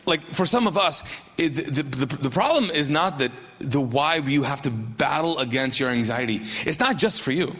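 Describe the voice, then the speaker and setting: A middle-aged male pastor preaching a sermon, telling a story with lively asides and acted quotes. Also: on the high side, moderate pace, breathy edge, long reverb tail.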